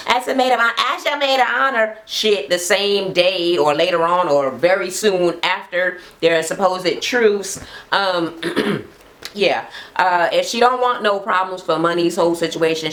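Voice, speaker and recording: A woman's voice: low-pitched, fairly bright tone. A woman casually recapping a reality show for her channel, blunt and profane, laughing often. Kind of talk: casual gossipy recap chat. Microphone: camera mic, talking to camera at home.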